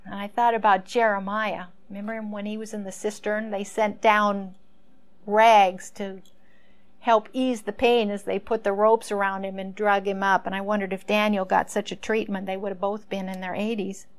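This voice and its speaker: A woman's voice: mid-range voice, flat delivery, moderate pace. A woman teaching a Bible story in a conversational way, musing aloud and asking rhetorical questions.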